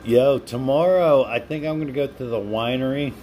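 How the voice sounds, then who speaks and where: A man's voice: medium pitch, moderate pace, highs cut off, a little hiss or hum. Chatty live-streaming man reading comments. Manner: chatty, laughs often, talks to viewers by name. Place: home.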